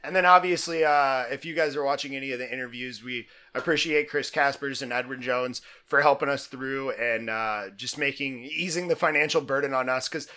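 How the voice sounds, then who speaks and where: A man's voice: mid-range voice, a little fast, hardly any pauses, pushed and bright. A man co-hosting a sports podcast in a casual chat, rambling and enthusiastic with plenty of fillers. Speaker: podcast co-host.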